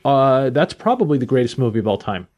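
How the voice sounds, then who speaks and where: A man hosting a podcast, retelling a story in an enthusiastic, animated way in casual chat. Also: mid-range voice, fast talker, dull audio. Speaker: podcast host.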